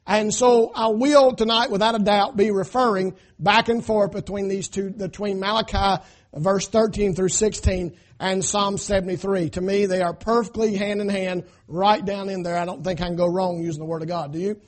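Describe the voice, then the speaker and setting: High-pitched male pastor preaching, call-and-response cadence, builds to shouting. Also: fairly even intonation, normal speed. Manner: preacher cadence, frequent "amen?" call-outs; rising to shouting at climaxes. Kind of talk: sermon.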